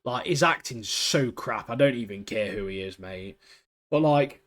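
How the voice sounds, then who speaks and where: A man's voice: mid-range voice, expressive, moderate pace, a bit bright. A man co-hosting a casual podcast. He talks bluntly and gives strong opinions, dropping "mate" at the end of many lines. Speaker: podcast co-host. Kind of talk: casual chat reviewing a TV show.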